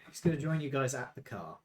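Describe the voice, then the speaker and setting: A game master narrates a tabletop game in a relaxed, halting manner, filling his speech with lots of fillers. His voice is mid-range, and there is slight background noise.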